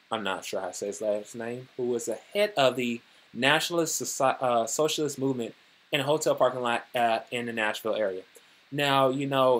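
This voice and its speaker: A man's voice: medium pitch, fairly bright tone. A man giving a casual, rambling news commentary on his vlog, talking loosely and filling his sentences with "you know" and "like.". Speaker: vlogger.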